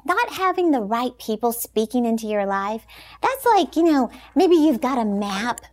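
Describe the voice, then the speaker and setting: A woman speaking as a Christian motivational speaker, delivering an inspirational talk in an emphatic, animated way and laughing often. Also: fairly high pitch, moderate pace.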